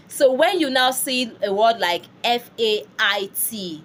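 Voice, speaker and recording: A woman's voice: on the high side, lively intonation, a little slow, hardly any pauses. A woman teaching French pronunciation, patient and drilling each word over and over for learners to repeat. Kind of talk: language lesson.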